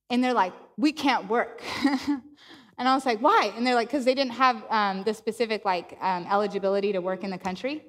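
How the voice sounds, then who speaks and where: A woman's voice: fairly high pitch, a bit bright, in a large hall. A woman preaching a sermon, telling a personal story with laughter and acted-out dialogue. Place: church.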